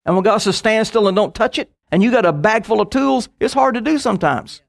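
Casting: middle-aged male preacher, high-pitched, storytelling sermon with quick asides. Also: expressive, creaky.

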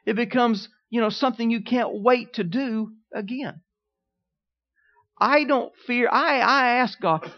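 Male preacher, middle-aged, high voice, storytelling sermon style, dull lo-fi recording. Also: a little slow. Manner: storytelling preacher, calls out "Amen?" to the congregation. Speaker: pastor.

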